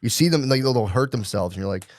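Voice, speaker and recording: A man's voice: mid-range voice, lively intonation, fast, no echo, studio quality. A man co-hosting a podcast in casual chat, swearing freely and acting out his own inner thoughts. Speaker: podcast co-host.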